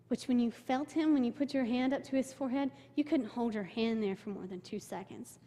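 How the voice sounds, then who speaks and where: A woman's voice: on the high side, fairly quick, hardly any pauses, dark tone. Young woman telling a church story. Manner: emotional storytelling, quotes people in her own voice. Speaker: mission trip speaker. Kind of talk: personal testimony to a church. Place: church sanctuary. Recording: long hall reverb.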